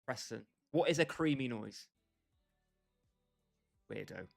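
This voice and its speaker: Lively gravelly-voiced streamer man. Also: medium pitch, slow pace, faint music behind. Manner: bantering, jokey, talks straight to chat by name. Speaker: gaming livestreamer. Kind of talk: casual livestream chat with viewers.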